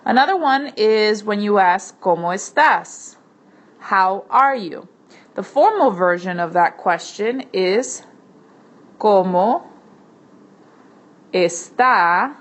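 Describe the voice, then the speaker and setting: A woman teacher talks through a screencast lesson at her own easy pitch, explaining the material step by step. She slows down to say each example word carefully, then picks the pace back up for the explanations. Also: lively intonation. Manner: slow, careful enunciation of example words. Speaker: Spanish teacher. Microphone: computer mic while drawing on a tablet.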